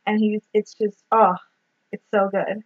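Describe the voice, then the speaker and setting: A woman's voice: medium pitch, little pitch movement, a little slow. Chatty woman, dull lo-fi sound. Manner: swears freely, retells scenes with acted quotes. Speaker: podcast co-host. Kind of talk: casual movie recap chat.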